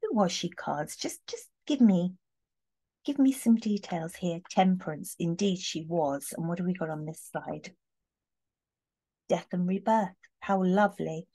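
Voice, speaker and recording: A woman chatting warmly through a tarot reading, heartfelt, with many fillers and restarts. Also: fairly low pitch, measured pace. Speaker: tarot reader. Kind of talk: casual tarot reading talk.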